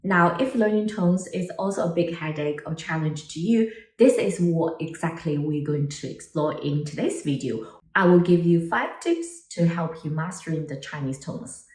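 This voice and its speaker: Lively woman teaching Mandarin tones. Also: sits low, moderate pace, reverberant, distant mic. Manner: animated, exaggerated tone demonstrations. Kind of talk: online language lesson.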